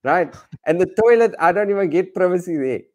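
A man with a Cape Town accent, a comedian guest chatting casually on a video call from a garage rooftop, animated and self-deprecating with many restarts. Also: high-pitched, brisk. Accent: Cape Town South African. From South Africa. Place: on top of a garage, outdoors.

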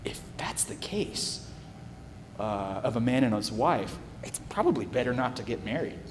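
A man's voice: medium pitch, very animated, normal speed, big-room sound, a little hiss or hum, pitched below the performer's own voice, close to an everyday voice. A man voicing hesitant male disciples in a half-whispered tone. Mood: doubtful. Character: hushed, doubtful male disciples.

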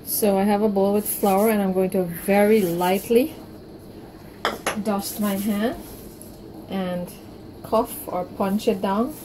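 A woman's voice: medium pitch, fairly even intonation, slow, pauses often, noisy background. A woman presenting a home baking tutorial, walking the viewer through each step with encouraging promises. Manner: warm step-by-step instructions with reassuring promises. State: out of breath from kneading. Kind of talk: cooking tutorial narration.

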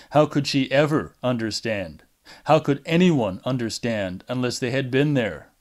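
A man reading a fan-made audiobook in a measured, deliberate way. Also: medium pitch. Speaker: audiobook reader. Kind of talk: amateur audiobook narration.

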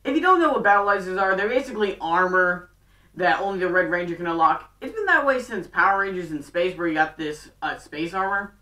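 A woman casually recapping a TV show, rambling and talking in quick bursts full of fillers. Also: lowish voice, expressive, bright, forceful tone. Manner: chatty and rambling, fast bursts, many fillers. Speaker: fan video recapper. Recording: roomy, distant from mic.

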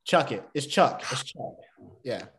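A Southern man from Georgia rambling happily as a podcast guest, often laughing at himself. His voice is at an average pitch for a man. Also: expressive, a little slow, fairly bright tone. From Atlanta, Georgia. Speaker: podcast guest, baseball player. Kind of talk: casual podcast chat.

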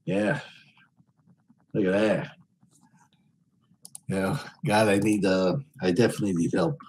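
A middle-aged man streaming crude pranks on strangers, bellowing loud high greetings and then muttering vulgar insults under his breath. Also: animated, takes it slowly, vocal fry, husky, poor audio. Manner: vulgar and mocking. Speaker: streamer chatting with strangers on a video chat site.

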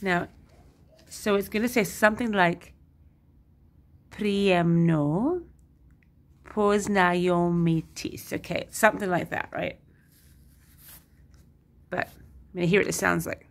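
A woman's voice: mid-range voice, fairly even intonation, moderate pace, gravelly, long pauses, fairly bright tone. A woman talking to camera in a casual video diary, chatty, upbeat and self-deprecating. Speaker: vlogger. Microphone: headphones with Bluetooth device.

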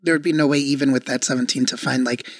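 A man's voice: mid-range voice, fairly even intonation, quick pace, dry recording, clean studio sound. A man playing a tabletop game, talking casually and thinking aloud. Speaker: player.

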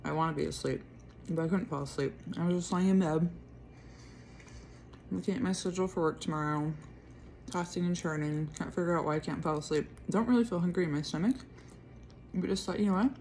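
A woman's voice: deep voice, brisk, darkish tone, a little hiss or hum. A woman talking in a casual late-night vlog, tired and chewing while she speaks. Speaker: vlogger.

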